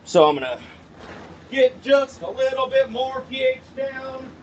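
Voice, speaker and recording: Man host, high voice, slow unhurried talk-along, mutters and swears at himself, dull lo-fi audio with faint hiss. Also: huge pitch swings. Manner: thinks aloud, mutters and curses at himself. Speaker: host of a plant-growing channel. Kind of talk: casual talk-along while working. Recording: dull lo-fi with faint background noise.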